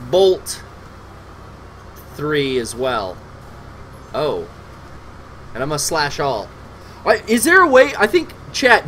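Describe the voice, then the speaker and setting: High-voiced man chatting on a game stream. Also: a bit bright, slight background noise, rough recording. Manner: loose, profane, talks to chat while playing. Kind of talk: casual gameplay stream chat.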